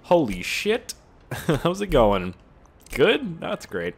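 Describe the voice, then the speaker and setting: Young male gaming YouTuber: animated delivery, crude and sweary humor, rambling asides. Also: a little high, slow, gravelly, slightly rough. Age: 20s. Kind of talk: gameplay commentary.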